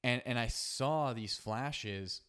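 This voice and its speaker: A man hosting a solo podcast, telling a personal story in an earnest, halting way with frequent restarts and fillers. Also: medium pitch, fairly bright tone, clean tone. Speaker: podcast host.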